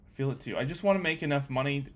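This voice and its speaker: A young man talking to himself while coding, thinking aloud with excitable, chatty commentary. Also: medium pitch, very fast. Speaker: coding vlogger. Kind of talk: casual screen-recorded coding commentary.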